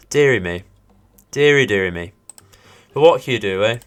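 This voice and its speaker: A man's voice: fairly low pitch, expressive, moderate pace, fairly bright tone. A man hosting a let's play, giving polite, upbeat commentary on each move and laughing off setbacks. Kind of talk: gameplay commentary.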